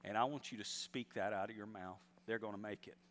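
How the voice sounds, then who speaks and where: A man's voice: lowish voice, steady tone, brisk, a bit bright, in a large hall, a little hiss or hum. A man preaching a sermon, telling a story and urging his congregation on with rising emphasis. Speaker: pastor.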